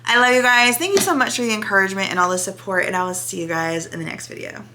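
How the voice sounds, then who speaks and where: A woman's voice: mid-range voice, fast, noisy background. A woman in her thirties talking candidly and emotionally in a casual reaction vlog to her channel's viewers. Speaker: vlogger.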